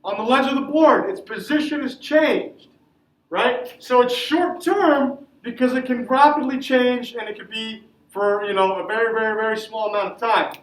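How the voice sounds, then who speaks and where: A man's voice: very high voice, normal speed, a bit bright. A man teaching Spanish grammar to a class, asking the students questions and answering them himself. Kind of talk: classroom lesson. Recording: echoey classroom from far off.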